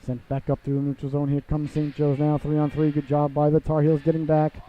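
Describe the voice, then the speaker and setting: Theatrical male hockey announcer, lo-fi. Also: brisk. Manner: chatty and theatrical, calls the audience "ladies and gentlemen"; bursts into excited high calls on goals. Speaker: play-by-play announcer. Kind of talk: live hockey play-by-play commentary. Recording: dull lo-fi broadcast audio.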